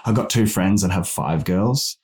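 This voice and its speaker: A man's voice: low voice, moderate pace, slightly rough. A man, a guest on a parenting podcast, telling stories casually and acting out the people he quotes. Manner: animated, acts out quoted people in raised voices. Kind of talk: casual storytelling.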